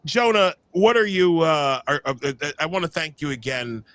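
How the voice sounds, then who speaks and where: A man co-hosting a casual podcast, his voice sitting a bit high and sounding bright and forceful. He jokes around, gets worked up, and stumbles into repeated false starts. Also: moderate pace, dry recording. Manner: animated, joking, stumbling restarts. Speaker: podcast co-host. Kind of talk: casual chat.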